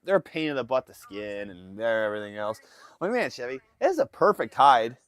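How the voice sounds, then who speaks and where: An Alaskan man hosts a laid-back livestream from a fishing boat, spinning a story for his live chat and imitating his family members' voices over a phone stream. His mid-range voice swings widely in pitch, moves fairly quickly, and sounds a bit bright, with no echo.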